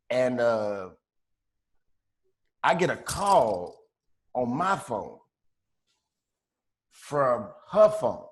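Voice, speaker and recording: Man telling a story, animated and profane. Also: fairly high pitch. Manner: animated, profane, acts out voices in his story. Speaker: podcast co-host. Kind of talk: casual storytelling.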